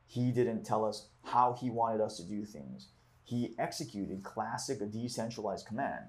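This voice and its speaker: A man leading a book discussion, reading passages aloud and then reflecting on them with casual fillers. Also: lowish voice. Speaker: discussion leader.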